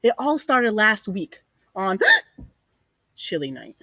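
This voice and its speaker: Lady playing a little penguin guy with the hiccups, gasping mid-sentence, bouncy pitch, slow and husky. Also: sing-song, sharp tone, no room sound, full character voice. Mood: fretful. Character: young male penguin with hiccups, fretful. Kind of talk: read-aloud story voice for children.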